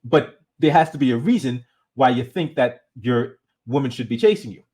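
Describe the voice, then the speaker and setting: A man hosting his own channel, giving casual commentary in a conversational, animated way and often restarting his sentences. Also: medium pitch, moderate pace. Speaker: channel host.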